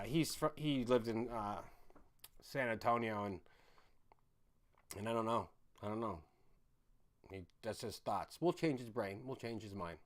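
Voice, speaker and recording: Rambling, swearing man on a livestream. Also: medium pitch. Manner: rambling, swears freely, laughs often. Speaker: livestream host reading viewer chat. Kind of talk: casual rambling livestream chat. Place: home in a city.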